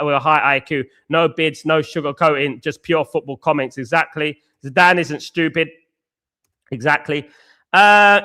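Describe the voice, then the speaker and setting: Bright-voiced man ranting passionately. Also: fairly high pitch. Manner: passionate ranting, swears, repeats himself; addresses chat viewers directly as guys and mate. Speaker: football fan channel host. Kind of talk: live reaction stream reading viewer comments.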